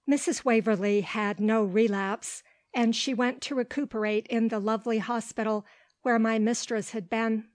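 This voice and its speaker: A woman narrating an audiobook with steady, clear storytelling. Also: fairly high pitch. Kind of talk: audiobook reading.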